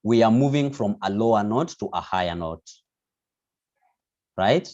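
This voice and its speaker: A man's voice: fairly low pitch, animated, unhurried, a little mellow. Guy teaching voice on a dull lo-fi call, patient, lots of restarts. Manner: explains patiently, many restarts. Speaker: vocal teacher. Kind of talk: online group voice lesson. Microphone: video call. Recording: dull lo-fi video call audio.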